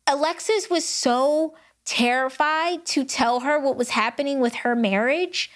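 A young adult woman co-hosting a casual book chat, an animated storyteller who acts out quotes and laughs often. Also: high-pitched, unhurried. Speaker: book podcast co-host.

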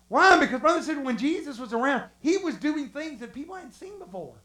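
A preacher delivering an animated sermon, acting out the stories with sudden shouts and hushed passages. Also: sits high, quick pace, hardly any pauses. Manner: animated, acts out the stories with shouts and drops to a hush. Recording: roomy echo.

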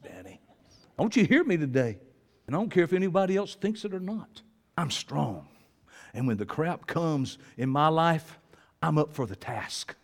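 A man preaching a sermon in a church, swinging from low, quiet talk to loud shouting. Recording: long hall reverb.

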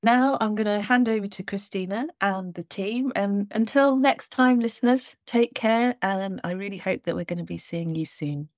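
A woman's voice: mid-range voice, normal speed, hardly any pauses, darkish tone, dry recording, clean studio sound. A woman from a festival team speaking on a podcast in an upbeat, encouraging way. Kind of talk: casual podcast chat.

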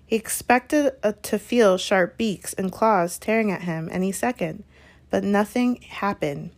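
Woman, audiobook narration, steady, unhurried, mid pitch, small self-corrections. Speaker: reader. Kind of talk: reading a novel aloud.

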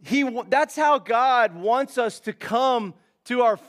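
High-voiced man preaching casually. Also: slow, a bit bright. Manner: casual and conversational, says man and dude. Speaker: pastor. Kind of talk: sermon.

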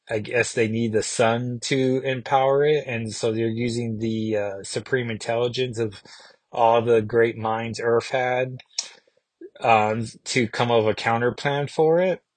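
A man with a slightly husky voice of middle pitch talks through a comic issue in a relaxed, musing way. He thinks aloud and restarts his sentences now and then. The sound is dry and close. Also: a little slow, no room sound. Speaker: comic book podcast host. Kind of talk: casual comic recap.

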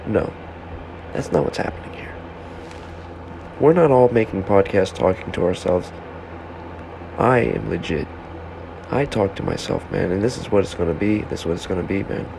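Gravelly low-voiced man rambling solo. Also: normal speed, pauses often. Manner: self-interrupting, heckles himself. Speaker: solo podcast host. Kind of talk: rambling monologue to himself. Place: home room with a fan. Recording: background fan hum.

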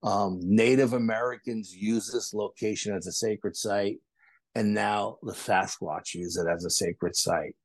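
A man with a low voice recounts his investigations as a podcast guest, slipping into other people's voices as he tells the story. The recording is dry and close, with no room sound. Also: measured pace, no room sound. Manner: animated anecdotes with acted-out quotes. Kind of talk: casual storytelling interview.

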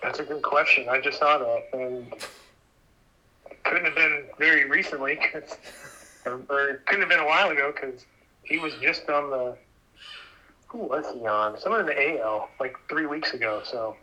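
A male podcast guest talks casually, stumbling over and repeating words as he thinks. His voice is very bright and sharp, and it comes through a dull, lo-fi remote line. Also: on the high side, slight background noise. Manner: hesitant, repeats words, halting.

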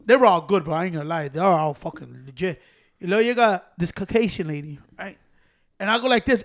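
A young man telling a story in a casual chat, profane and animated, switching between English and Spanish slang. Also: sits high, brisk, gravelly.

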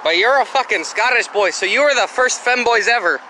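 High gravelly man, crude mock-insult banter, noisy street recording with traffic. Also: lively intonation, brisk, pushed and bright. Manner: trash-talking, mock insults, slips into Spanish slang.

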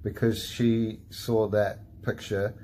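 Man, comedy podcast host, slow drawl, lowish voice, swears, laid-back. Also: level tone, warm tone. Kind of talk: casual comedy podcast and prank call.

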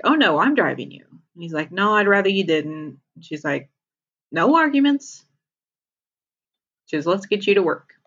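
A woman's voice: fairly low pitch, fairly bright tone, highs cut off. A woman casually retelling a TV episode as a podcast co-host, laughing often as she talks.

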